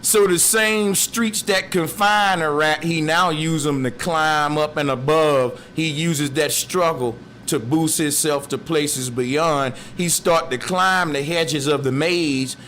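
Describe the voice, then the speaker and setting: A man giving a slow, musing philosophical monologue in streetwise slang. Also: fairly high pitch, fairly even intonation, a bit bright, slight background noise. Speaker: speaker.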